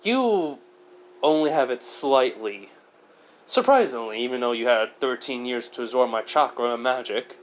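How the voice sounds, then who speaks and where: A man's voice: mid-range voice, expressive, normal speed, a little hiss or hum, natural voice. A man voicing a stern immortal fox spirit. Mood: grave.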